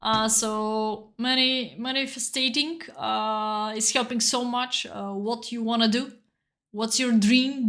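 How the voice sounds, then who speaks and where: A woman from Bulgaria with a Bulgarian accent, chatting earnestly and emotionally on a live chess stream while playing blitz, in halting non-native English. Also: a little high, fairly even intonation, a bit bright. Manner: earnest and encouraging, with broken non-native phrasing.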